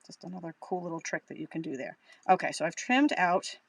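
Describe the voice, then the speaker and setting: A woman's voice: fairly low pitch, lively intonation, fairly quick, vocal fry, slightly rough. A woman with a Boston accent giving a chatty, upbeat live crafting tutorial, thinking aloud as she works. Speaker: craft demonstrator.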